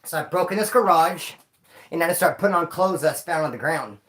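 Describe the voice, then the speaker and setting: A man hosting a livestream, telling stories in a casual, slangy, animated way and acting out sounds and voices. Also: a little high, fairly quick. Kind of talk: casual storytelling to a live audience.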